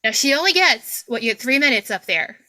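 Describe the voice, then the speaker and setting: A woman in her forties, a podcast host, telling a lively story over a video call and acting out the voices of the people in it. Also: a little high, brisk, a little hiss or hum, rough recording. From Kentucky, USA. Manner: animated storyteller, acts out quoted voices, laughs often.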